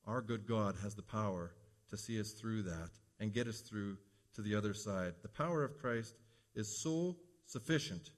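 A man's voice: on the low side, normal speed. Earnest man preaching a sermon. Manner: earnest, builds to emphatic peaks. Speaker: pastor.

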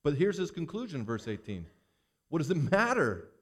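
A man preaching a sermon as a pastor, reading scripture aloud and commenting on it with animated emphasis. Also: on the high side, normal speed. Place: church.

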